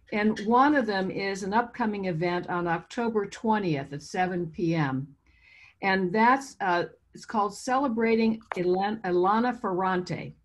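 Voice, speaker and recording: A woman who owns a bookstore, hosting and introducing poets at a reading held over video call, in a chatty, informal manner. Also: mid-range voice. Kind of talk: introducing a virtual poetry reading.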